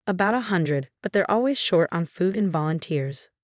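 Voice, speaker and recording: A woman's voice: lowish voice, expressive, normal speed, no echo, studio quality, lightly acted. A woman voicing a loyal, fiery female best friend in a storybook narration, speaking protectively. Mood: supportive.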